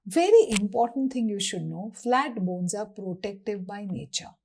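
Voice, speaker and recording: A woman's voice: mid-range voice, moderate pace, creaky, a little hiss or hum. A woman with an Indian English accent teaching anatomy, asking questions and answering them herself. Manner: lively, asks and answers her own questions. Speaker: anatomy lecturer. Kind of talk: classroom lecture.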